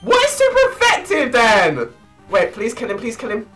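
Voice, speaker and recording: A young man giving hyper, excitable gameplay commentary, often breaking into shrieks and laughter. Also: very high voice, normal speed, faint music behind, rough recording. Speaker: let's play gamer.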